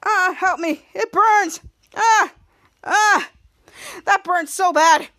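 A whiny, overdramatic grown man, put on by a woman retelling a sitcom scene, wailing and pleading in a very high, loud voice. He hams up every cry. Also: lively intonation, a little slow, full character voice. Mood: anguished. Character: whiny dramatic grown man sprayed in the face.

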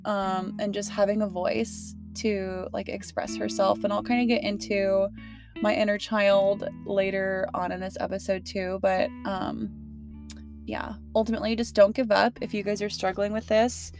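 A woman's voice: medium pitch, level tone, normal speed, creaky, music in the background. A young woman hosting her podcast from her car, talking casually and emotionally with lots of fillers. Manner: chatty, emotional, many fillers and laughs. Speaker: podcast host. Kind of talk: casual heartfelt podcast talk.

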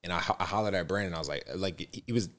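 A man co-hosting a podcast, telling stories in animated, loose casual chat and swearing freely. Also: sits low, rapid-fire. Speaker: podcast co-host.

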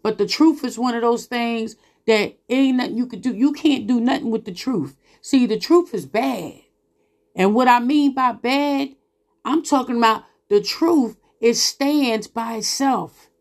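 Female podcast preacher, somewhat high voice, scolding and emphatic delivery. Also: darkish tone. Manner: emphatic, scolding, with drawn-out exclamations and laughs. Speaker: Christian podcast host. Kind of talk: preaching monologue.

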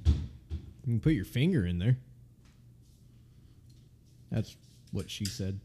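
A man's voice: fairly low pitch, expressive, slow pace, warm tone, a little hiss or hum. A man co-hosting a casual podcast, chatting and joking while he tastes beer, laughing often and swearing offhandedly. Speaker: podcast co-host.

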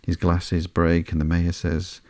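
A man hosting a podcast, reading through a comic book in a slow, sleepy, monotone way with soft fillers. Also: low voice, no echo. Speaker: podcast host.

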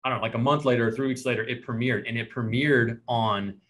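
A man's voice: mid-range voice, fairly even intonation, a little fast, fairly bright tone. A man hosting a podcast, telling a story in casual chat, acting out quoted voices and laughing at himself. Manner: laughs often, self-deprecating. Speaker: podcast host.

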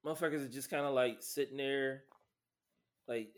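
A man in casual podcast chat, laid-back and profane, with many pauses and fillers. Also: mid-range voice, fairly even intonation.

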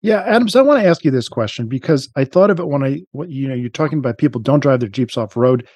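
A man chats casually on a podcast in a mellow, relaxed voice. He rambles and restarts his sentences often, and the recording is dry and close. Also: medium pitch, quick pace, breathy edge, no room sound. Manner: rambling, frequent restarts and fillers. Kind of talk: casual chat.

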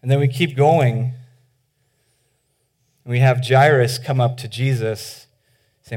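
Speaking at medium pitch and a slow pace with long pauses, a pastor preaches informally and with animation. He frequently says "like," starts sentences over, and performs the voices in his stories.

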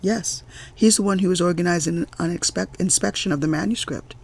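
A man's voice: sits high, brisk, gravelly, slightly rough, heavily acted. A man reading aloud voices a polite, hesitant Scandinavian professor, close to his own voice. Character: shy, nervous Scandinavian male professor.

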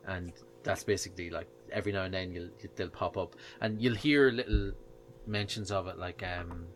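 A man co-hosting a podcast, retelling a book in a rambling, hesitant way that trails off softly. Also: sits low, normal speed, slight background noise. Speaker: podcast co-host. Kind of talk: casual chat, retelling a book.

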